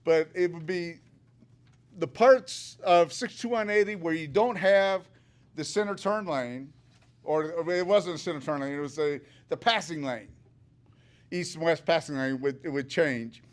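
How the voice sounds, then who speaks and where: A man's voice: fairly high pitch, measured pace. A retired older man speaking during public comment at a meeting, chatty and joking, with an upbeat manner, at a podium microphone in a meeting room.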